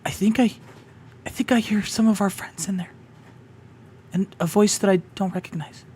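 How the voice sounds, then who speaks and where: A man's voice: high voice, fairly even intonation, moderate pace, darkish tone, slight background noise, pitched above the performer's own voice, natural voice. Man doing a timid stammering little creature. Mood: worried. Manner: stammering, pleading.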